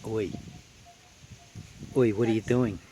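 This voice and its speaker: A man with an Australian accent chatting casually outdoors, relaxed and rambling with frequent ums. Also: lowish voice, slow, a little hiss or hum. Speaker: vlogger. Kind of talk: casual outdoor vlog chat. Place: outdoors under a tree.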